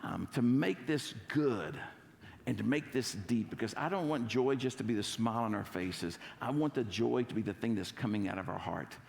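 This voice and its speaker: Gravelly pastor in a reverberant church. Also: male voice, medium pitch, lively intonation, normal speed. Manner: playful, coaxing congregation to recite. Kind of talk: sermon. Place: church sanctuary.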